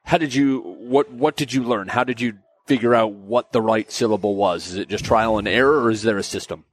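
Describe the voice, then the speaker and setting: A man's voice: fairly low pitch, fairly quick. A man hosting an interview, asking curious, casual questions. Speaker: podcast host. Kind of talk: conversational interview.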